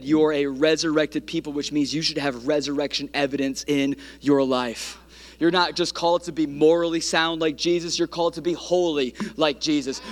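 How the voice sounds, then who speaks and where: Fiery man preaching with rising cadence. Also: a little high. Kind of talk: sermon.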